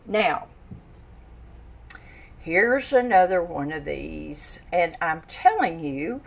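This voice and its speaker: A woman's voice: fairly low pitch, big pitch swings, slow pace, gravelly, pauses often. An older woman, chatting casually to camera in her home kitchen, folksy and full of exclamations, and tired. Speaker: vlogger.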